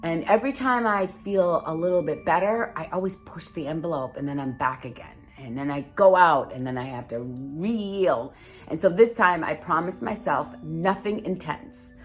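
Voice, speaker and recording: A woman's voice: sits low, normal speed, soft background music. A woman hosting a casual spiritual video from home by the fire, chatting in a rambling way with fillers and giving encouraging advice. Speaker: host reading oracle cards. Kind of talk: casual spiritual vlog chat.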